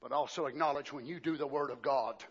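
An older man preaching a sermon. He swings from shouted, drawn-out exclamations to hushed, low passages. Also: lo-fi sound, a little hiss or hum.

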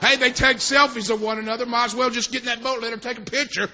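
A man preaching a sermon at a church service, telling folksy, rambling stories that swell into fervent shouts. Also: very high-pitched, steady tone, fast talker. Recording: dull lo-fi recording.

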